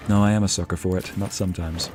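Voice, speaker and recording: A man's voice: low voice, fairly even intonation, quick pace, a little mellow, faint music behind. A man streaming a game, chatting casually and musing aloud as he reads out messages from his chat.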